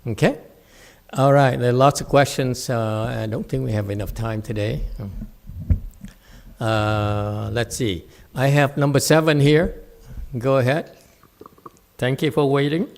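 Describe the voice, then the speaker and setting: A man's voice: mid-range voice, fairly even intonation, a little slow, creaky, pauses often. A man leading a meditation question-and-answer session, talking casually and playfully and laughing often. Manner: playful, laughs often, acts out quoted voices. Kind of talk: casual Q&A talk. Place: temple hall.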